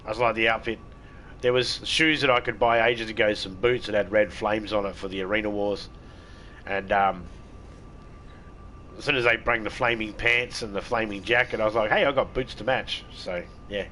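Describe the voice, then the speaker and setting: With a lowish, sharp voice that barely moves in pitch, an Australian man chats at normal speed over slight background noise. He's streaming a game, joking irreverently and cursing often.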